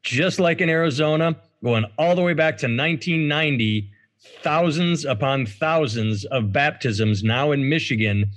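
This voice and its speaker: A man's voice: fairly high pitch, moderate pace, fairly bright tone. A man hosting a casual podcast, reading out news stories with sarcastic asides. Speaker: podcast host.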